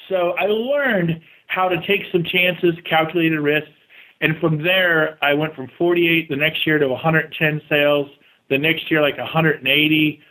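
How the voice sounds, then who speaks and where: A man with a somewhat high voice tells his story in a casual interview as a real estate agent guest. He is animated and self-deprecating. He jumps into other people's voices when he quotes them. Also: rough recording. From California.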